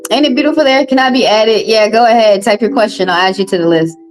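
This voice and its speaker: A woman with a Southern US accent reading tarot on a live stream, chatting casually in a profane, animated way. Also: on the high side, quick pace, soft background music, poor audio. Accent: Southern US, Texas. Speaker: tarot reader.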